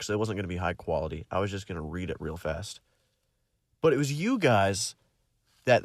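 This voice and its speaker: A man's voice: deep voice, dry recording, studio quality. A young man who narrates audiobooks, talking casually to his listeners after finishing a book, rambling with lots of fillers and restarts. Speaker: audiobook narrator and channel host.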